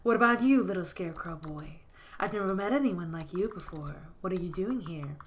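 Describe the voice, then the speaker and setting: A woman voicing a lonely, motherly forest witch in a game, speaking softly and gently. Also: lowish voice, lively intonation, a little fast, close to an everyday voice. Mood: doting. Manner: soft, gentle and doting. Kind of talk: reading a game character aloud.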